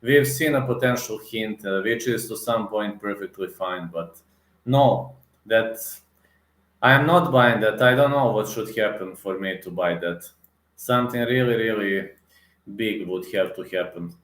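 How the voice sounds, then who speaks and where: A man's voice: on the low side, measured pace, fairly bright tone, reverberant. A man giving a heated, casual rant as an MMA reaction vlogger. He repeats himself with emphasis, and he fills his talk with restarts and hesitations. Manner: repetitive, emphatic, many fillers and restarts.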